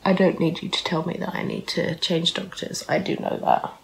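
A woman's voice: on the low side, level tone, moderate pace, vocal fry, a little hiss or hum, low-quality recording. A young British woman chatting casually to camera as a vlogger. She sounds nasal from a blocked nose and talks in a frank, rambling way, with many ums and some swearing. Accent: British English.

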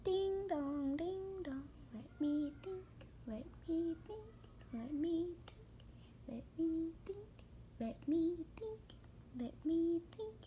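A woman giving excitable, gushing commentary to her viewers while shopping in a game. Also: very high-pitched, slow pace, slight background noise. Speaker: gaming vlogger.

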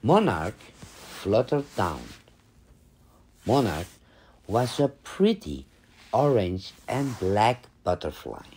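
A man reading children's picture books aloud for kindergarten, slow and sing-song. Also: fairly low pitch, sing-song, darkish tone, a little hiss or hum.

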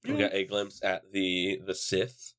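Man, podcast co-host, very deep voice, laid-back, casual chat. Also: monotone, measured pace, a bit bright.

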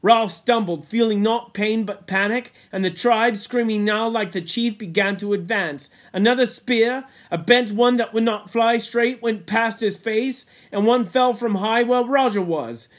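A man reading a novel aloud in a measured way, sinking low and quiet at grim moments. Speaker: reader.

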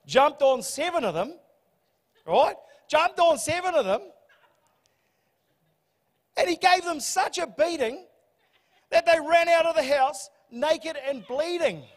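A man preaching a sermon, telling the story in a humorous, animated way. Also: very high-pitched. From New Zealand. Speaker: pastor. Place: church hall. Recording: church hall reverb.

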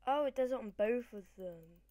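A woman giving rambling, excitable let's-play commentary, swinging between loud cheers and quiet mumbles into a desk microphone. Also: on the high side, moderate pace, dry recording. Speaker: gamer.

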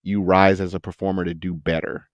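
A man with a slightly low voice chats in a podcast interview, animated and quick to laugh. He tells stories and jumps into other people's voices to act them out. The sound is dry and close, with no room around it. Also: no room sound, highs cut off. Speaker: actor and voice actor, podcast guest. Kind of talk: casual interview chat.

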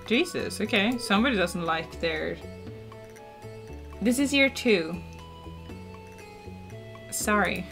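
A woman chats through a relaxed game stream. She reads the game's dialogue aloud and makes light fun of her own slips. Her voice is bright and sharp, over faint background music. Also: medium pitch, slow pace, pauses often. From Norway. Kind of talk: casual live-stream chat.

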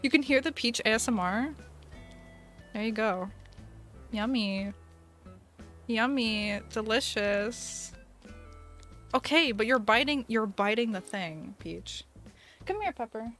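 A woman's voice: fairly high pitch, expressive, normal speed, a bit bright, soft background music. A woman streamer chatting casually on a live stream, giggling often and talking to her pets. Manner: bubbly, giggly, baby-talks to her pets.

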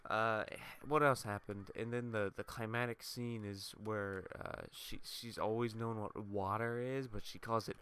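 A man's voice: on the low side, fairly even intonation, measured pace, hardly any pauses, fairly bright tone, clear, resonant tone. A young man rambling through a casual let's play, swearing and laughing as he tells school stories over his gameplay. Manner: rambling, profane, laughing asides.

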